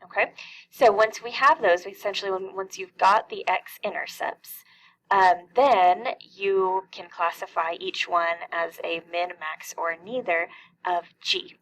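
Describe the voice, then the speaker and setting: Creaky-voiced woman teaching calculus. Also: medium pitch, steady tone, a little slow, fairly bright tone, rough recording. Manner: explains step by step, asks and answers own questions. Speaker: math teacher. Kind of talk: calculus lesson walkthrough.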